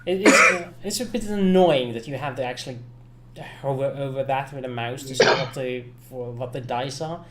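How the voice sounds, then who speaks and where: A man's voice: medium pitch, moderate pace, crowd noise. A man acting as game master for an online tabletop game, often stopping and restarting his sentences.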